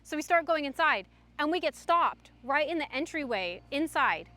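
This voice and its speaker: A young woman livestreamer telling a story in casual chat, animated and full of fillers. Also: high-pitched, moderate pace, dry recording. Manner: chatty, animated, frequent "like" fillers.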